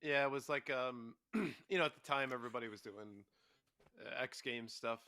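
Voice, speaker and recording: Laid-back male podcast co-host, bright tone, dry close sound, swears casually. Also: mid-range voice, normal speed, no room sound. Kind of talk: casual chat.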